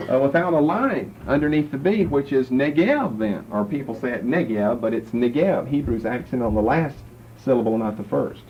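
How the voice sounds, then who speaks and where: A man teaching a Bible class and patiently walking listeners through verses and Hebrew words. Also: mid-range voice. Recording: dull lo-fi lecture recording with faint noise.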